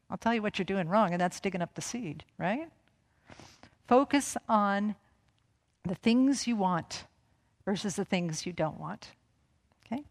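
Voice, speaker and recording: A woman giving a gentle, conversational sermon, with easy asides and soft laughter. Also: mid-range voice, lively intonation, moderate pace. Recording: long reverb of a hall.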